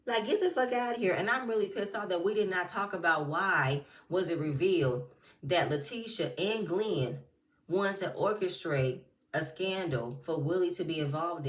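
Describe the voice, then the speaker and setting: A woman's voice: sits low, moderate pace, roomy sound, distant mic. A woman giving blunt, profane, heated commentary as she recaps a reality TV reunion. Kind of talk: casual commentary.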